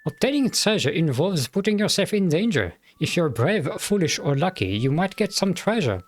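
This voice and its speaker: A man's voice: fairly high pitch, big pitch swings, normal speed, voice pushed up. A man voicing a weary, philosophical male town sheriff, reading game dialogue aloud in a mock German accent with a friendly, musing manner. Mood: informative.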